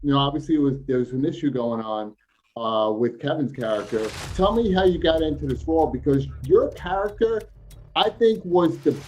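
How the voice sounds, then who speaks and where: A man's voice: on the high side, normal speed, darkish tone, faint music behind. Upbeat Brooklyn man hosting a video-call interview. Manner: upbeat, enthusiastic, calls guests brother. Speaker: interview host.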